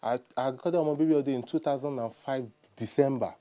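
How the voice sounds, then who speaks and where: Brief: Nigerian man, young adult, Nigerian accent, mellow voice, quick animated storytelling guest. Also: medium pitch. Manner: animated storyteller, acts out quotes, repeats "you understand". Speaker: musician guest. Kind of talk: casual interview chat.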